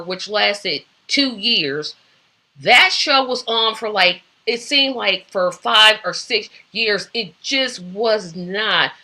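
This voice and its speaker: A woman's voice: medium pitch, sharp tone. A woman hosting a casual solo talk show, opinionated and rambling with many fillers. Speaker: host.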